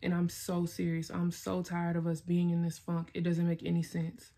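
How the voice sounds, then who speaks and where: Woman vlogger pepping herself up, dark mellow voice, swears a lot, keeps repeating herself. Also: fairly low pitch, completely flat delivery, normal speed. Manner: blunt, emphatic, swearing, repeats itself. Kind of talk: self-directed pep talk.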